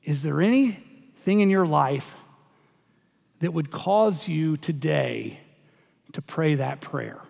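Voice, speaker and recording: A man's voice: on the high side, lively intonation, takes it slowly, vocal fry, pauses often, darkish tone. A man preaching a sermon to his congregation, conversational and emphatic, often repeating himself. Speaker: pastor. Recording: dull sound, long hall reverb.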